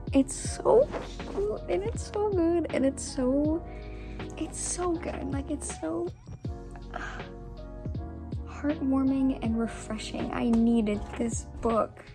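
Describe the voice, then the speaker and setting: A young woman chatting casually in a reading vlog, gushing about books, sometimes dropping to soft half-whispered asides. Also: high voice, drawn-out words, music in the background, poor audio. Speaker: book vlogger.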